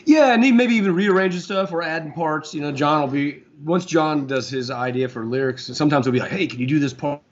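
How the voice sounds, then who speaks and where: A man's voice: on the high side, brisk, hardly any pauses. Rambling man with a dull lo-fi sound. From Florida, USA. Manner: relaxed, rambling, lots of fillers. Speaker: guest guitarist. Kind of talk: casual interview chat.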